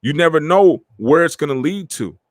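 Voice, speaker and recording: A middle-aged man hosting a podcast, talking in animated street slang and acting out the friends he quotes. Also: on the high side, normal speed, no echo, clean studio sound. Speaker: podcast host. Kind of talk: casual motivational talk.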